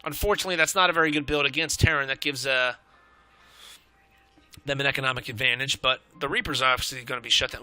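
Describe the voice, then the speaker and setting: A young man commentating a strategy game match, excitable and out of breath, swearing and rambling as he calls the play. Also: medium pitch, fast, dry recording, faint music behind.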